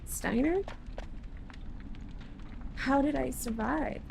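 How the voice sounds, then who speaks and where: A woman voicing a gentle young princess as she reads game dialogue aloud, speaking softly and quietly. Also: sits high, extremely slow, gravelly, slight background noise, pitched above the performer's own voice, full character voice. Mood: weak.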